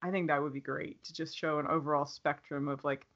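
A woman's voice: deep voice, fairly even intonation, fairly quick, fairly bright tone. A woman who is a podcast guest, chatting in a friendly, casual way and laughing often, heard over a remote call. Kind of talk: casual chat. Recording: dull lo-fi sound.

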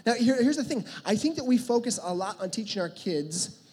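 A man in his thirties preaching a sermon as pastor, telling stories in a conversational, animated way. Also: very high voice, fairly quick, husky. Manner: conversational, animated, self-deprecating storytelling. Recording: long reverb of a large hall.

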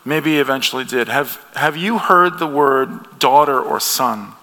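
A man's voice: mid-range voice, unhurried, sharp tone. A man from the United States preaching a sermon in an earnest, conversational way, with frequent restarts. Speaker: pastor. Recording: long hall reverb.

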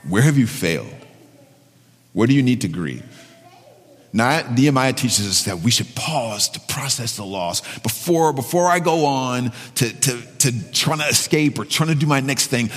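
A man's voice: mid-range voice, expressive, takes it slowly, breathy edge, soft background music. Man preaching in a reverberant hall. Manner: conversational, repeats phrases, many restarts. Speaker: pastor. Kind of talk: sermon.

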